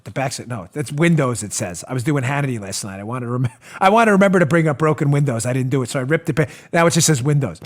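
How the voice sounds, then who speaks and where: A man hosting a political talk show, delivering animated, sarcastic commentary and acting out mocking little scenes. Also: mid-range voice, quick pace, hardly any pauses.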